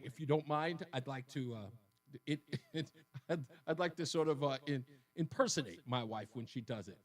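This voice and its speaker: A man's voice: a little high, fairly bright tone. A man hosting a call-in radio talk show, joking and laughing often. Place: radio studio.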